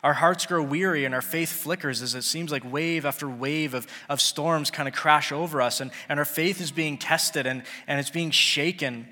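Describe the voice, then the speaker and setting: A man preaches in an earnest, chatty way, slipping into the voices of the people in his story. His tone is forceful and a little high for a man. The sound rings out in a long hall echo. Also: normal speed, few pauses. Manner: earnest, conversational, acts out biblical characters. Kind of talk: sermon.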